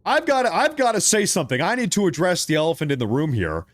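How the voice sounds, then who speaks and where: A man's voice: fairly high pitch, fast talker, no echo. A man from Oregon hosting a live political stream, reading viewer chat and joking between rants. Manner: joking, animated rants, laughs often. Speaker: political livestream host.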